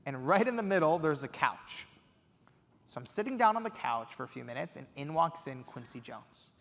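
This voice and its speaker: A young man from Los Angeles giving a keynote speech, telling a story with lively energy and acting out the quotes. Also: fairly high pitch, normal speed, creaky. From Los Angeles, USA. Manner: animated, acts out quotes. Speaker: keynote speaker. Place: conference hall stage. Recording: long reverb of a large hall.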